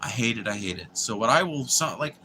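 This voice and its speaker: A man's voice: mid-range voice, animated, fairly quick, bright, forceful tone, a little hiss or hum. A young man, chatting casually and rambling with viewers on a livestream, swearing freely and restarting sentences. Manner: profane, meandering, restarts and filler words.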